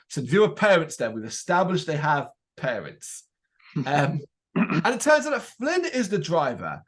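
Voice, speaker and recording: A man whose voice sits on the high side speaks at a moderate pace while co-hosting a podcast. He casually walks through a TV episode, telling it with gusto and acting out the lines.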